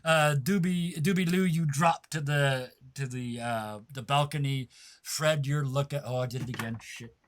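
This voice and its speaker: With a medium-pitched voice, this game master runs a tabletop session in a playful way, laughing easily and frequently pausing to fix what he just said.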